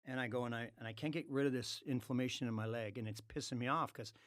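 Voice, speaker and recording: Animated storytelling man, blunt and profane. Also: mid-range voice, quick pace. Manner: animated, acts out quoted dialogue, swears freely. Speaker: podcast guest. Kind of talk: casual storytelling.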